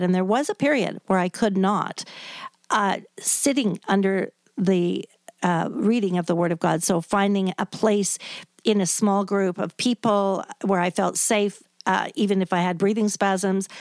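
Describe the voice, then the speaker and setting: A woman's voice: medium pitch, no echo. A woman from Vancouver, British Columbia, a guest in a radio studio, sharing her faith testimony and a heartfelt, prayerful spoken prayer.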